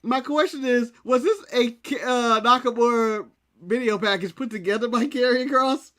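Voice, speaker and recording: A man's voice: extremely high pitch, moderate pace, a bit bright. A man co-hosting a wrestling podcast, teasing and joking with frequent laughter in casual chat. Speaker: podcast co-host.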